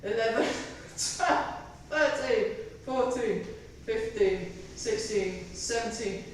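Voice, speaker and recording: A woman's voice: fairly high pitch, takes it slowly, slight background noise. A woman leading a tai chi fitness class, counting reps with chatty, self-mocking asides and giggles. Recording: echoey room, voice from far off the mic.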